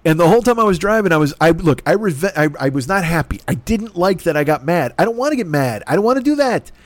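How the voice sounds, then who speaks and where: A man from Chicago with a notably high-pitched voice rants his way through a story, swearing freely and sounding fed up. The sound is dry and close, with no room around it. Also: very animated, quick pace, no echo. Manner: profane, exasperated storytelling. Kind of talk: casual ranting monologue.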